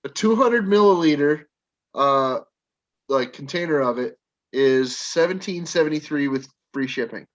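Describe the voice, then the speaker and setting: A man's voice: fairly high pitch, expressive, measured pace. A man chatting casually with friends on a video call, rambling with lots of fillers. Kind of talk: casual chat. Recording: dull lo-fi call audio.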